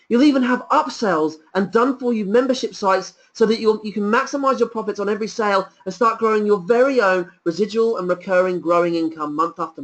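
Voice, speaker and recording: A man presenting a sales pitch on a webinar, enthusiastic and persuasive, piling up rhetorical questions. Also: lo-fi sound.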